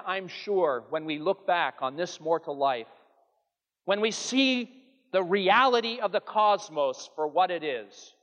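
A man's voice: high voice, fairly bright tone, muffled recording. A man preaching a sermon with earnest, emphatic delivery that rises and falls. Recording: long hall reverb.

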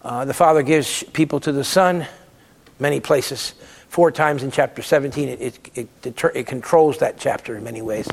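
A man's voice: mid-range voice, normal speed, vocal fry, slightly rough, long reverb tail. A man giving a Bible lecture, emphatic and repeating words to stress his points. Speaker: theology lecturer.

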